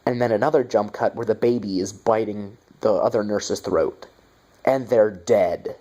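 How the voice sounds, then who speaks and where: A man's voice: lowish voice, fairly even intonation, normal speed, dark tone. A young man giving a casual movie review, sarcastic and profane, with mocking asides.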